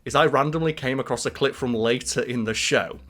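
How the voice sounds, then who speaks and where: Animated man chatting. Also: medium pitch, a little fast. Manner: animated, laughing, acts out quotes. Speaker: podcast co-host. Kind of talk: casual chat.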